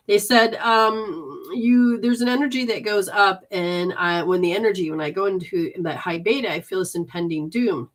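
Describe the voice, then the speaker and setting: A woman's voice: on the low side, expressive, normal speed, fairly bright tone. A woman giving live intuitive readings to viewers in a casual, rambling way, with many restarts and sudden quoted voices.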